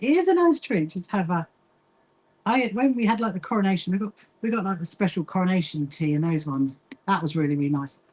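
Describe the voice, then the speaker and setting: A woman's voice: fairly low pitch, darkish tone, rough recording. A middle-aged woman chats casually to viewers while she sews, reading out their comments and laughing often. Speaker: livestream host. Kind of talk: casual chat while sewing.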